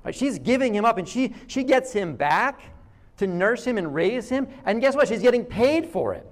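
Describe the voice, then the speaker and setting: High-voiced pastor preaching conversationally. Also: male voice, normal speed. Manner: conversational, animated storytelling with acted quotes. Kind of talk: sermon.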